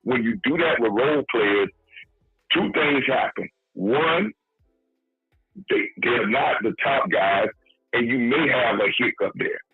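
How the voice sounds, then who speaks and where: This sports podcast co-host has a mid-range voice and speaks slowly, with no room sound, though the line is husky and phone-like with faint music. He lays out football analysis emphatically, repeating himself to drive points home.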